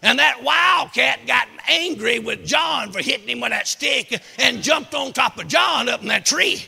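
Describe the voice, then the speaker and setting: Man, preacher, high gravelly voice, lively shouting, long hall reverb. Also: moderate pace, hardly any pauses, a faint crowd. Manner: shouting, hollering storyteller with whoops. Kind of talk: sermon with a folksy tall tale.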